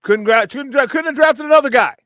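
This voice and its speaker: Male sports talk host, high-pitched, dry studio mic, angry rant with mocking asides. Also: fairly quick, fairly bright tone, no room sound. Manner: frustrated, profane, mocking impressions.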